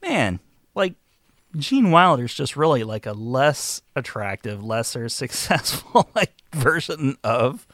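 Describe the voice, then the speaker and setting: A man co-hosting a casual movie-review podcast, jokey and profane, often breaking into loud mock voices. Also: mid-range voice, very animated, slow pace, no room sound. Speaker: podcast co-host.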